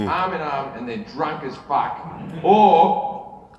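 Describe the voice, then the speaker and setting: A man's voice: expressive, slow pace, dull audio, heavy background noise. A man with an Australian accent doing stand-up, telling a story full of swearing and jumping into big voices for the people in it. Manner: swearing, acts out characters in big pitch jumps. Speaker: stand-up comedian. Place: large arena stage. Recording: roomy arena with live crowd, mic heard from far. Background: audience laughter.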